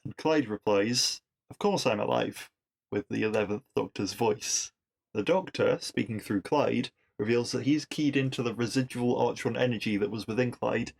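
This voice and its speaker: Guy doing a solo podcast recap, chatty and excited, mid pitch. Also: creaky, husky. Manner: chatty and enthusiastic, with fillers and quick asides. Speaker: podcast host recapping an episode. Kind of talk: casual solo episode recap.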